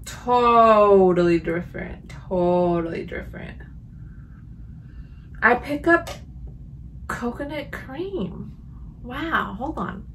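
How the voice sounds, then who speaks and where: A chatty woman vlogging at home, reacting out loud as she sniffs and reviews candles. Her voice sits a little high, with a faint hiss of noise behind it. She talks in a loose, animated way. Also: takes it slowly, pauses often. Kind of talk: casual haul vlog. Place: home room.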